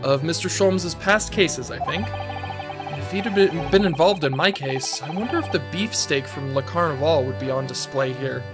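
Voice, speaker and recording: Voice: medium pitch, lively intonation, moderate pace, close to an everyday voice. A streamer reading a curious young male lawyer from a game in a near-natural, thoughtful voice. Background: game music.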